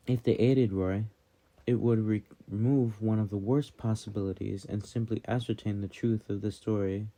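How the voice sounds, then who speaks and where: A male narrator reads a fantasy novel aloud in a calm, steady way. His voice is low, very dark and mellow. The reading is even and unhurried. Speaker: audiobook narrator. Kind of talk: fan audiobook narration.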